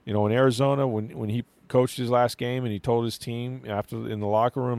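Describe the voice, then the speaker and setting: A man's voice: medium pitch, fairly even intonation, fast talker, darkish tone, dry recording. A man hosting a sports show, chatting casually about football with lots of fillers and restarts. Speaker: sports radio host.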